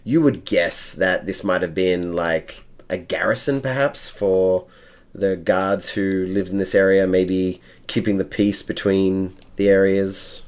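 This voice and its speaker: Man, game master, very deep voice, halting, lots of fillers. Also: steady tone, smooth. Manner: hesitant, many fillers. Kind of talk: running a tabletop game.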